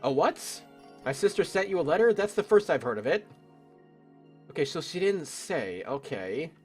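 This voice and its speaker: A man's voice: on the high side, very animated, moderate pace, faint music behind, voice pushed up. A man voicing a nervous, guarded young woman bartender who stammers when flustered, reading game dialogue aloud. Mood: upset. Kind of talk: let's play voice acting.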